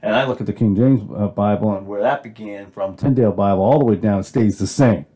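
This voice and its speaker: A man's voice: lowish voice, brisk, mellow, husky. A man with a North Dakota accent hosting a podcast, arguing emphatically and rambling over a home mic setup. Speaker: podcast host. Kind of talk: casual solo commentary on Bible versions. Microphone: amateur home mic, moves off-mic when turning.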